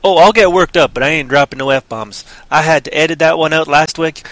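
A man's voice: fairly high pitch, fairly quick, a bit bright, a little hiss or hum. A man co-hosting a casual podcast chat, joking around and slipping into put-on voices. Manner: joking, drifts into put-on voices and a mock Canadian accent. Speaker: podcast co-host.

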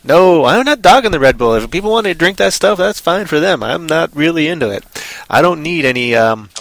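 A man's voice: on the high side, expressive, a little fast, gravelly, fairly bright tone, dry recording. A man co-hosting a casual online chat show, rambling playfully and trailing off into mumbles. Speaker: podcast co-host.

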